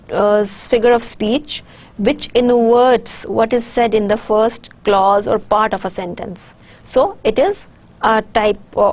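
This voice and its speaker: A woman with a Pakistani English accent giving a recorded university lecture, speaking in a measured way with frequent "uh" pauses as she explains terms. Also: fairly high pitch, darkish tone.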